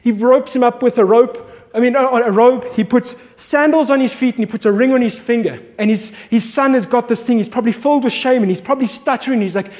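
Male preacher, high voice, storytelling sermon, long hall reverb. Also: a little fast, hardly any pauses, darkish tone. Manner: storytelling, acts out voices in quotes.

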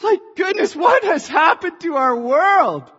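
Woman church speaker, high-voiced and impassioned, recorded dull and echoey in a big hall. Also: very animated, measured pace. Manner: impassioned, rising to shouts. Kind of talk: sermon. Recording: dull sound in a reverberant hall.

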